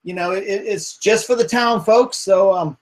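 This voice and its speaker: A man's voice: sits high, a little slow, voice pushed up. A man voicing a wary village father with an axe, who stammers and wants the stranger gone. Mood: falsely friendly. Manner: stammering, curt, eager to send strangers off.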